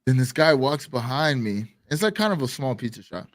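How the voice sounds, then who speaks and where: Male co-host, mid-pitch, lively raconteur who swears and shouts out quoted lines, dry studio sound. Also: brisk, no room sound. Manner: animated, swears a lot, acts out quotes loudly. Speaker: podcast co-host. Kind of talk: casual storytelling chat.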